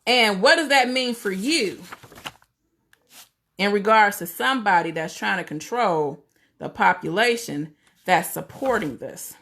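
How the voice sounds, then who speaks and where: A woman's voice: medium pitch, animated, a little slow, a bit bright, slight background noise. A woman hosting a casual livestream, opinionated and full of rhetorical questions, greeting viewers as she talks. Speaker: livestream host.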